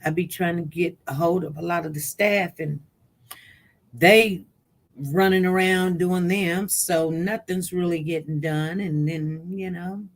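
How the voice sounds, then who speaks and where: A woman's voice: fairly low pitch, steady tone, a little slow. A woman hosting a livestream, chatting in a rambling way and reading viewer comments aloud. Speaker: livestream host. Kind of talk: casual chat.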